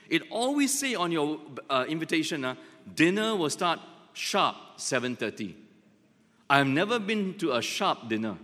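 Emphatic pastor in an echoing hall. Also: male voice, sits high, a bit bright. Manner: emphatic, repeats points, joking asides. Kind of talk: sermon.

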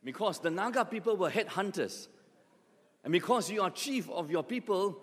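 Animated pastor in a reverberant hall. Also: male voice, sits high, moderate pace, breathy edge. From Singapore. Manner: animated storytelling with acted asides. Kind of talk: sermon.

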